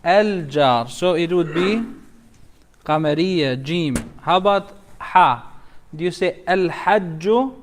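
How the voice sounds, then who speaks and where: Imam, male, leads a tajweed class; fairly high voice, unhurried, calls out letters and questions students. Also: expressive, slight background noise. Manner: quizzes students letter by letter, drawn-out recitation of words. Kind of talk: classroom teaching.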